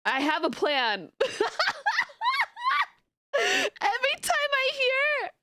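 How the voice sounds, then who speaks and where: Giggly woman streamer with a deep voice. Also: huge pitch swings, extremely slow, noisy background. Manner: giggly, rambling with repeated restarts. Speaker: VTuber streamer. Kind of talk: casual livestream chat.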